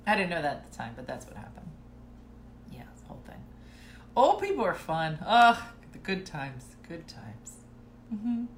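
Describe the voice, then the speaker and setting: A middle-aged woman telling family stories in a casual chat to viewers, laughing and clearing her throat now and then. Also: lowish voice, huge pitch swings, moderate pace, echoey room, slight background noise.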